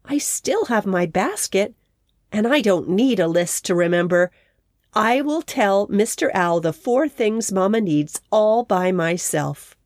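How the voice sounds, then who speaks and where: A woman's voice: mid-range voice, expressive, measured pace, darkish tone, no echo, clean studio sound, lightly acted. A woman voicing a small, eager young male bear cub in a storybook, earnest and childlike.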